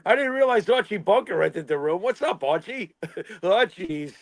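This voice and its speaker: A man's voice: high-pitched, expressive, normal speed, dry recording. A man co-hosting a casual wrestling talk show, sarcastic and swearing freely. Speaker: co-host.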